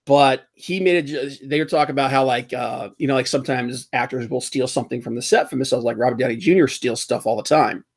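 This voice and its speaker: A man hosting a casual pop-culture podcast, rambling and animated, often laughing as he mocks what he talks about. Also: mid-range voice, fast talker, gravelly, few pauses, breathy edge. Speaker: podcast host.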